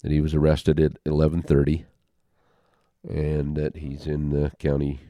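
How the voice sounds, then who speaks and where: An older man telling a personal story as an interview guest, halting and heartfelt, with pauses and restarts. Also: extremely low pitch, completely flat delivery, mellow, dry recording.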